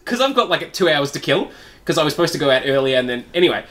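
Lively, rambling male podcast host. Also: on the high side, fast. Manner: rambling storyteller, laughs, swears freely. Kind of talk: casual comedic chat.

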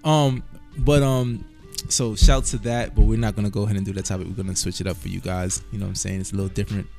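Fast-talking gravelly male podcast host. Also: fairly low pitch, little pitch movement, darkish tone, soft background music. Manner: rambling, keeps saying "you know what I'm saying". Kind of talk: casual banter.

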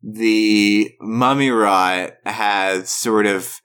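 A young man co-hosting a podcast, chatting casually in an unhurried, deadpan way and swearing now and then. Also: lowish voice, smooth. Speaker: podcast co-host. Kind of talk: casual chat.

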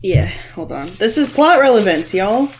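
A woman's voice: mid-range voice, very animated, moderate pace. A woman playing a tabletop game, giggling often and teasing her friends. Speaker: player. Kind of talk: casual tabletop game chat. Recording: clear background noise.

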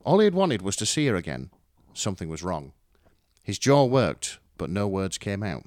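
A man narrating a fan story with a dramatic, wry delivery. His voice sits on the low side yet moves very expressively. The recording is close and dry. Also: very animated, normal speed, darkish tone, no room sound. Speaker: story reader. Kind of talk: expressive fan fiction reading.

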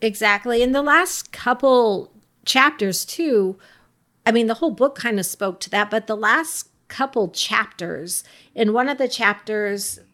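A woman's voice: fairly high pitch, measured pace, a bit bright. A woman co-hosting a podcast, reflectively retelling book scenes in casual book club chat. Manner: reflective storyteller, retells scenes with quoted thoughts. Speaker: podcast co-host.

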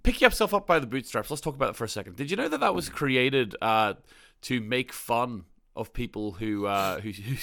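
A man hosting a casual podcast at an ordinary mid pitch. He rambles, restarts his sentences often and laughs easily. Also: expressive, fairly quick, gravelly, fairly bright tone. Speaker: podcast host. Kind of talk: casual chat.

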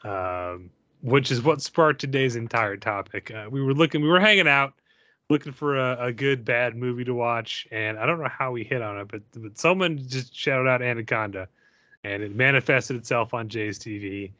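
A man hosting a podcast with friends, animated and jokey, often restarting sentences. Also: medium pitch, normal speed, no room sound. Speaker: podcast host. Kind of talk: casual chat. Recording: dull lo-fi sound.

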